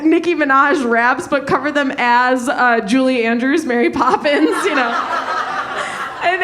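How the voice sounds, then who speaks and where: A woman in her thirties performs a stand-up set on a comedy club stage, self-mocking and laughing through her lines. Her voice sits high and bounces all over, very animated. She speaks into a handheld stage mic. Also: slight background noise.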